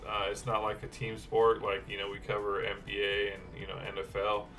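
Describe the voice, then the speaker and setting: A man's voice: fairly low pitch, completely flat delivery, a little fast, a bit bright, recorded from a distance, soft background music. A man co-hosting a casual sports betting podcast, rambling with many fillers and restarts. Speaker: podcast co-host.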